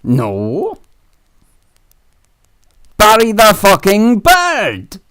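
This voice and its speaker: A man's voice: sits high, huge pitch swings, drawn-out words, pushed and bright, clean tone, no room sound, full character voice. A man voicing a rude, cheeky male puppet bird with a Scottish accent, teasing strangers in a video chat comedy. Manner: crude, teasing, sings silly songs.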